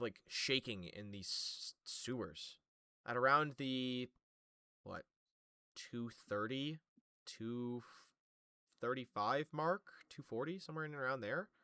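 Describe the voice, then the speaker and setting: A man runs a tabletop game at a middle pitch, thinking aloud and padding his narration with fillers. His voice is close and dry, with no room around it. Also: pushed and bright, no echo. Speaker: game master.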